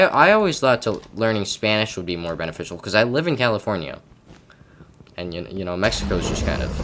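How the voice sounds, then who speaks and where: A man's voice: low-pitched, fairly bright tone, a little hiss or hum. A man from Canada giving casual gameplay commentary at his computer, rambling and stammering with lots of repeated words and self-mocking asides. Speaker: gaming commentator.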